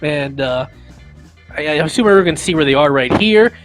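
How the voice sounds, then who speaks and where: A man's voice: fairly high pitch, expressive, a little fast, soft background music, poor audio. A man running a tabletop game as game master, describing the scene casually with many fillers.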